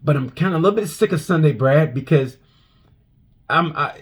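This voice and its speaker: Husky man ranting casually. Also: a little high, normal speed. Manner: animated, rambling, profane, repeats restarts. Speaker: comedian reviewing motorcycle races. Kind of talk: casual monologue review.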